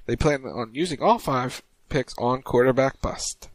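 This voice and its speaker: A man co-hosting a casual wrestling podcast, reading tweets aloud in a wry, deadpan way. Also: mid-range voice, unhurried, no echo. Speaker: podcast co-host.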